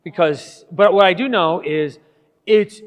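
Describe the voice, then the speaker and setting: A man, a priest, telling stories to his catechism class in a lively, laughing way, acting out what people said. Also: high voice, measured pace, muffled recording. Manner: animated, laughing, acting out dialogue. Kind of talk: casual classroom storytelling. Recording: long hall reverb.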